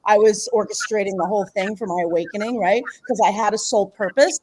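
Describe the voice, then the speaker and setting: A woman's voice: mid-range voice, fairly quick, a little mellow. A middle-aged woman, a guest author and healer, tells a personal story in a casual interview, rambling, restarting her phrases and laughing often.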